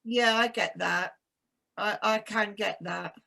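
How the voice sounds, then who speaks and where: A woman from East London with a softened English accent, chatting casually as a co-host and telling stories. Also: mid-range voice, takes it slowly, gravelly. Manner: chatty storyteller, animated. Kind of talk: casual chat.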